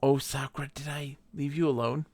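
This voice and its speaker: A man's voice: mid-range voice, steady tone, brisk, a little mellow, no echo. A man streaming himself playing a space game, chatting casually in a goofy, playful, rambling way. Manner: goofy and playful, chanting silly repetitions; rambling, self-deprecating asides. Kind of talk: casual live-stream commentary.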